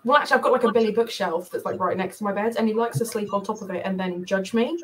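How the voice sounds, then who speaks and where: A woman hosting a casual chat over a video call, chatty and animated, laughing often. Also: mid-range voice, fast, breathy edge. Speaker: podcast host.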